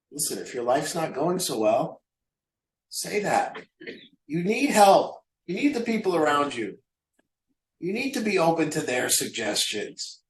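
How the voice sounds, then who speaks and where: A man hosting a recovery support group over a video call, with a voice a little higher than most men's. He talks emphatically and keeps circling back to the same phrases. The sound is echoey, as though he is in a bare room. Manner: emphatic, repeats phrases, quotes others. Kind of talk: live online support group talk.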